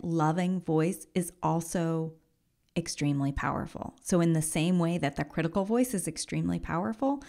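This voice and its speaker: A woman hosting a solo podcast as a coach, talking in a gentle, encouraging way and often dropping into a soft whisper. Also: on the low side, vocal fry. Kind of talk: reflective solo podcast talk.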